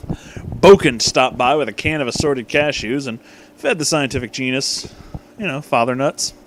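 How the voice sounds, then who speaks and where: A man's voice: medium pitch, moderate pace, slight background noise. A young man comically reading a story aloud, swearing freely and breaking off for joking asides. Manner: irreverent, swearing, frequently breaking off to joke. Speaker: fan-fiction reader.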